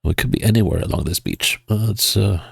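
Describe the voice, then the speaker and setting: A man's voice: fairly low pitch, fairly quick, gravelly, breathy edge, dry recording, studio quality. A man with a stuffed-up, sniffly nose giving casual gameplay commentary, thinking aloud in a hesitant way with chuckles. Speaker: video game player.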